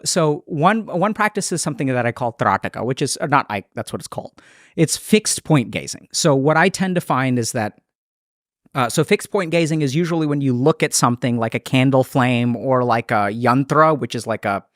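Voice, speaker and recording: A psychiatrist in a podcast interview, a man explaining his ideas thoughtfully, with quick restarts. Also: medium pitch, dry recording, studio quality.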